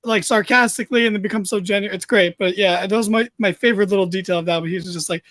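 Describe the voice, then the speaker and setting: A man with a high voice gives eager, opinionated takes and swears without a second thought. His sound is dry and close, with no room around it. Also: fast talker, fairly bright tone, dry recording. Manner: enthusiastic, swears freely. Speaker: podcast co-host. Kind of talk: casual opinionated chat.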